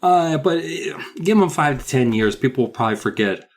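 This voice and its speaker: A man's voice: medium pitch, expressive, brisk. A man co-hosting a podcast, rambling and laughing as he talks through a book and plays out scenes in voices. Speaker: podcast co-host. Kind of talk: casual book-recap chat.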